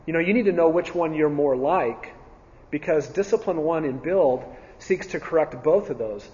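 A man's voice: a little high, normal speed, dark tone, slight background noise. A man teaching a Bible class in a church setting, earnest, repeating key phrases with frequent ums and restarts. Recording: dull sound with long reverb in a hall.

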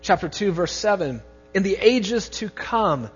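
Earnest preacher man, high voice. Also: expressive, a little slow, slightly rough, big-room sound, lo-fi sound, soft background music. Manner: earnest preaching, rising emphasis on key phrases. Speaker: pastor. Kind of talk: sermon with opening prayer.

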